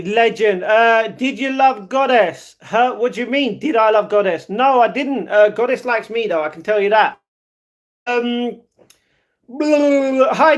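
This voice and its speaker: A man chatting casually on a live stream, greeting viewers by name and reading their messages in an upbeat way. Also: high-pitched.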